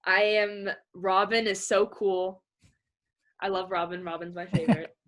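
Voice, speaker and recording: A woman's voice: medium pitch, unhurried. Young woman guest gushing away on a podcast, lots of likes. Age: young adult. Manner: gushing, excitable, fillers like "like". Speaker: guest swimmer. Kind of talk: casual podcast interview.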